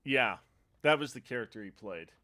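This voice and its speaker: A man's voice: medium pitch, expressive, moderate pace, music in the background. A man streaming a retro game live, chatting casually in a rambling way and laughing often. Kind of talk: casual chat over gameplay. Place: home streaming setup.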